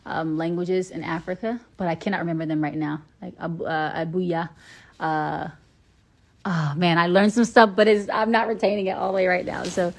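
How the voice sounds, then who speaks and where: On a phone livestream, an Atlanta, Georgia woman with a fairly low voice and vocal fry answers fans' questions, with slight background noise in the audio. The talk is casual and chatty, peppered with ums and playful switches of accent.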